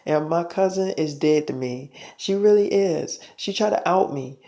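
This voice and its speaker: A man tells a story in a rambling, profane way, leaning on fillers like um and like. His voice is gravelly, with plenty of vocal fry, and sits a bit higher than most men's. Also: normal speed, few pauses, mellow. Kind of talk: casual storytelling.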